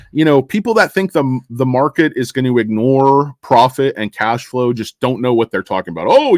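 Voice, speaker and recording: A man's voice: medium pitch, dry recording, clean studio sound. A man hosting a casual stock market livestream, rambling and joking with crude, profane asides.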